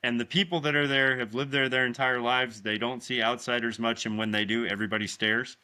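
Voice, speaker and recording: A man from the Southern United States co-hosting a podcast, chatting casually and explaining things with quick bursts and repeated words. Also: mid-range voice, level tone, sharp tone, smooth. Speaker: podcast co-host. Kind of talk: casual chat about a horror film.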